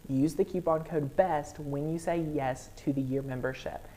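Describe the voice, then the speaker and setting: A woman hosting a live crafting software tutorial, bubbly and excitable, talking viewers through each step. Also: sits low, normal speed.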